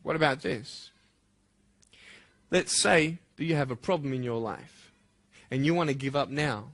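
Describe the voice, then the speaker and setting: A man giving a motivational speech to school students, impassioned and swinging from soft, intimate lines to loud, emphatic ones. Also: mid-range voice, measured pace.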